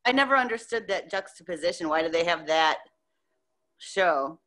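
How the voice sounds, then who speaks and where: A woman guest on a podcast, a musician, chatting casually in a loose, animated way with a lot of swearing. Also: on the low side, normal speed. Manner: loose, profane, animated storytelling. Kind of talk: casual interview chat.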